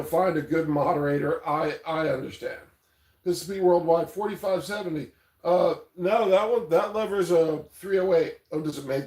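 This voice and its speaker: A man's voice: a little high, darkish tone. A man hosting a casual livestream, rambling loosely, reading chat aloud and swearing casually. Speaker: livestream host. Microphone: tablet mic. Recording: echoey room.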